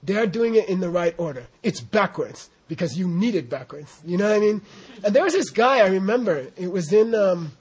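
Husky high-voiced American man teaching. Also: brisk, few pauses. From United States. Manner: rambling and animated, laughs often, heavy use of "you know". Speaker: Buddhist teacher. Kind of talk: informal dharma talk.

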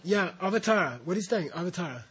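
A man lecturing a classroom, leading his students through a reading one syllable at a time and stopping to explain what the words mean. His voice sits a little high for a man. The recording is muffled and lo-fi. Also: lively intonation, rapid-fire, a bit bright. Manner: patient, breaks words into syllables for students to repeat. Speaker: teacher. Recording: dull lo-fi recording.

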